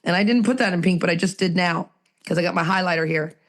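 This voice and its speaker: A woman's voice: lowish voice, fast talker. A Canadian-born woman in a recovery roundtable, sharing her story in a raw, emotional, rambling way. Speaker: recovery group participant.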